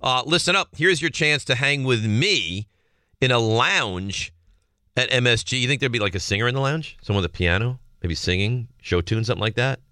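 A man hosting a sports radio show, chatting and joking in an animated storytelling way. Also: medium pitch, normal speed, clean tone, no room sound, clean studio sound. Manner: lively, jokey, animated storytelling.

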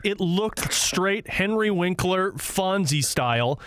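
A man co-hosting a hockey podcast chats in a relaxed way and trades friendly teasing with his partner. His voice sits a little high for a man. The sound is dry and close. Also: slow pace, clean tone, dry recording. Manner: easygoing, teasing banter. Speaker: podcast co-host, sports broadcaster. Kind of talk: casual chat.

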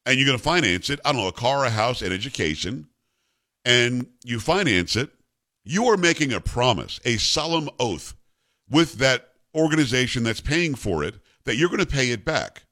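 Lively, emphatic male talk show host. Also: medium pitch, normal speed. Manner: emphatic, conversational, with folksy personal anecdotes. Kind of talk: opinionated talk radio commentary.

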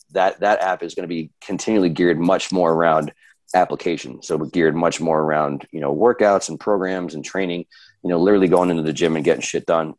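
Super deep-voiced guy rattling along fast, chill and swears a lot, dry close sound. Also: no room sound. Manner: laid-back, swears casually, self-deprecating. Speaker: podcast guest, coach. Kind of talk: casual chat.

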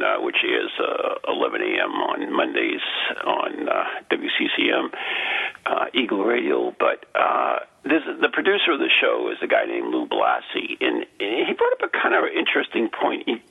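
A man's voice: rumbling low, wildly swooping pitch, normal speed, creaky, husky. A man with a New England accent hosting a radio show, chatting loosely with many fillers. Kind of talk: casual radio chat. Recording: dull lo-fi radio broadcast.

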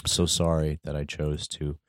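A man's voice: rumbling low, completely flat delivery, moderate pace, no echo. A man co-hosting a podcast, making dry sarcastic quips in casual chat. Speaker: podcast co-host.

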